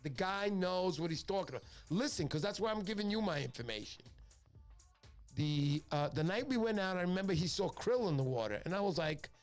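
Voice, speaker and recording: Middle-aged New host with a higher voice, jokes his way through rambling stories on a fishing stream, faint music behind. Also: expressive, a little fast. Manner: joking, rambling storyteller. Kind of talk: casual livestream chat.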